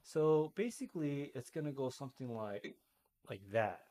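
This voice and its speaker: A man's voice: mid-range voice, animated, moderate pace, dark tone. Hiccuping man talking through math. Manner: thinks aloud while working problems, self-correcting. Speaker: math teacher. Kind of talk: screen-recorded math lesson.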